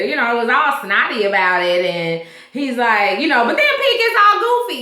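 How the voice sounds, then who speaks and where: A woman casually recapping a TV episode, retelling scenes in animated, slangy talk and acting out the lines. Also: high-pitched, moderate pace, roomy sound. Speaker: TV episode reviewer.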